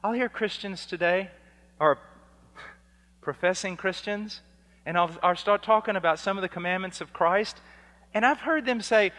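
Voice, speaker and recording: A man's voice: sits high, moderate pace, long pauses. Fiery preacher man in a reverberant hall. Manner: swings from hushed to shouting, acts out dialogues. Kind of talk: fiery sermon.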